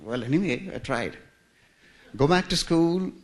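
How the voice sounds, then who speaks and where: An expressive man from India, his voice on the high side and his pace measured, tells the story of his life in a church. He's humorous and self-mocking, chuckling as he goes.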